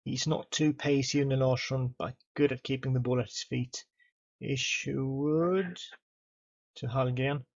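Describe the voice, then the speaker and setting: A man calls the action of a football management game in an excitable, chatty play-by-play. His voice sits in a middle pitch. He talks straight to his players and the referee, and the recording sounds a little dull and muffled. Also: a little slow. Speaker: gaming YouTuber.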